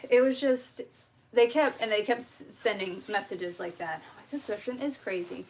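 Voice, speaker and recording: A young woman hosting a homestead livestream, telling a story in a casual, animated way, swearing and acting out the exchanges. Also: mid-range voice, normal speed, slight background noise. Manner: animated, profane, acts out quoted exchanges. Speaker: homestead channel host.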